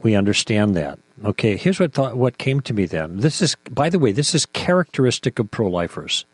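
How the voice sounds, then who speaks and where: A middle-aged man talks with heated, indignant force, firing rhetorical questions as he argues his point. His voice sits at an ordinary middle pitch. The recording is close and dry. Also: no echo. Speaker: podcast co-host. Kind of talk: impassioned apologetics talk.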